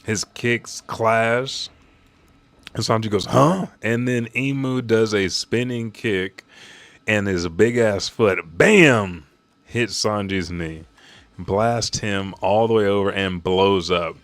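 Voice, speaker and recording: A man reading a manga chapter aloud on a live stream, excitable and profane, jumping into quick voices for the characters. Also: fairly low pitch, dry recording.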